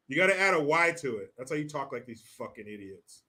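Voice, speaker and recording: A man's voice: medium pitch, very animated, fast talker, hardly any pauses, pushed and bright. A man hosting a live-stream commentary show, reading out viewer messages and mocking people with plenty of swearing. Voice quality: mocking, swearing, breaks into laughter. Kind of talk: casual profane commentary.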